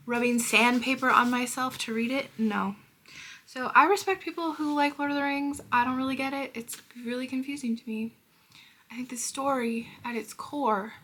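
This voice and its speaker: A woman's voice: on the high side, creaky, fairly bright tone. A woman giving a blunt, sarcastic, casual book review, swearing freely and dropping into whispered asides.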